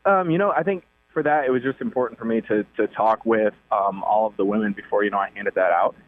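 A young man talks easily and cheerfully as a call-in guest, full of casual fillers. His voice sits a bit low and comes through a dry, tinny phone line. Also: quick pace, dry recording. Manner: easygoing, upbeat, with many fillers.

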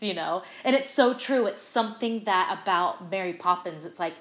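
Chatty actress in a roomy space. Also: female voice, mid-range voice, normal speed, hardly any pauses. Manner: animated, chatty, lots of fillers. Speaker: guest, stage actress. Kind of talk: casual interview storytelling. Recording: roomy echo.

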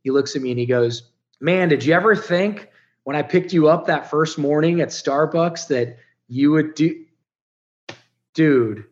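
A man in his fifties, originally from Ohio, sharing his life story as an interview guest. He speaks in a fairly high voice that is earnest, emotional and peppered with swearing. The recording sounds slightly dull. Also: unhurried. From Ohio, United States. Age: 50s. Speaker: podcast guest.

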